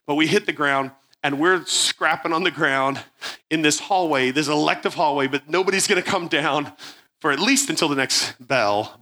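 A man's voice: mid-range voice, bright, forceful tone. A man preaching to an audience, telling a story from his school days and acting out the voices. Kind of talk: storytelling sermon.

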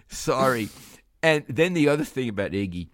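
A man's voice: medium pitch, moderate pace, dry recording, studio quality. An older man, co-hosting a podcast and telling family stories with lots of laughter. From Brooklyn, New York. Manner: animated storyteller, laughs often. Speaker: podcast co-host. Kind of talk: casual storytelling chat.

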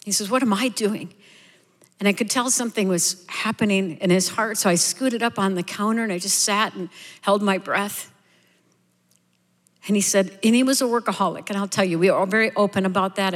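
A middle-aged woman gives a sermon built on personal testimony, speaking candidly and conversationally as she tells her story. Her voice sits at an ordinary pitch for a woman. It carries the long reverb of a large church hall. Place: church sanctuary.

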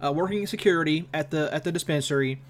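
A man's voice: on the high side, quick pace, a little hiss or hum. A young man co-hosting a podcast, chatting casually about a show, often repeating words as he starts sentences. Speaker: podcast co-host. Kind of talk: casual review chat.

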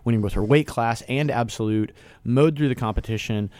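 A man's voice: medium pitch, fairly quick, a little mellow, no echo. A man hosting a casual local radio show, talking loosely with restarts and easy laughs. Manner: rambling, restarts, laughs easily.

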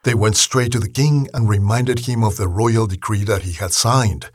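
Man, husky, slow measured Bible storytelling, dry. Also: fairly low pitch, no echo. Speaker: narrator. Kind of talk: scripted Bible story narration.

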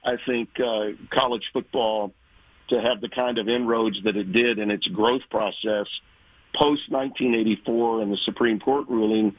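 A veteran male sportscaster from Louisiana tells career stories in a folksy, animated way. His voice is husky and a bit dull, with a dry, slightly lo-fi sound. The pitch sits in the middle. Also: normal speed, no echo. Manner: folksy, animated storyteller, acts out quoted voices. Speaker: sports broadcaster guest. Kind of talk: conversational interview storytelling.

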